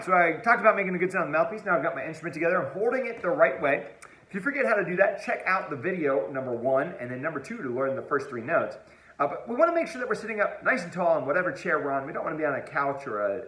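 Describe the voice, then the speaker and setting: Upbeat, animated male music teacher. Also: a little high. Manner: upbeat, playful, talks straight to the viewer. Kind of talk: online music lesson for kids. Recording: roomy echo.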